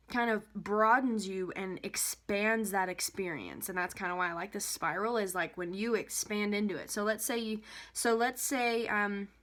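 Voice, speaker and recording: A young adult woman, a life coach, explaining an idea casually in a rambling way, with many fillers and restarts. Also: fairly bright tone. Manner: acts out an anxious inner voice, rising in pitch.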